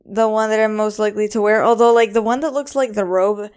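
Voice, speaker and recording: A woman's voice: mid-range voice, steady tone, a little fast, a little mellow, clean tone. A young woman hosting a casual solo podcast, rambling with lots of ums and likes, a bit anxious and self-conscious. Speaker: podcast host.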